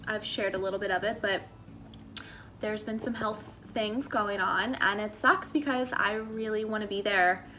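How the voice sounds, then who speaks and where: Her medium-pitched voice is bright and forceful, with fairly even intonation and a moderate pace. The young American woman from Maryland gives a casual faith-and-lifestyle vlog, full of fillers and in a chatty, earnest, encouraging manner. There's slight background noise.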